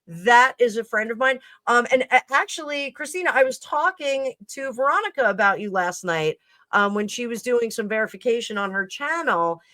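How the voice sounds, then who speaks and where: Bright-voiced woman hosting a live stream. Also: on the high side, lively intonation, normal speed, no room sound. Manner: chatty, rambling with many fillers and restarts. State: coughing at times. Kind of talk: casual live-stream chat.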